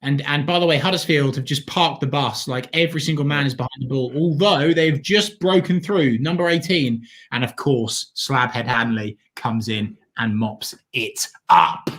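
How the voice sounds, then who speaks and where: A man's voice: medium pitch, moderate pace, hardly any pauses, fairly bright tone. A man co-hosting a live football watchalong, talking with enthusiastic, jokey fan banter. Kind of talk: casual live match chat.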